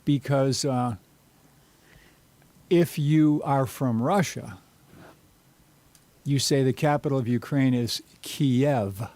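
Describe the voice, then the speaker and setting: Man, mid-pitched, quizzing others and explaining patiently over a video call. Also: fairly even intonation, slow, long pauses, darkish tone. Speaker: quiz-giving regular guest. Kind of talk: casual group chat.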